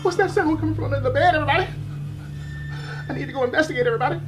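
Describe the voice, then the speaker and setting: Man playing a scared, whiny male vlogger creeping through a haunted house; high voice, nervous hush, tags "everybody" on everything, music playing loud underneath. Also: very fast. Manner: ends nearly every sentence with "everybody"; fearful, hushed narration. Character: jittery male ghost-hunting vlogger, jumpy and whiny.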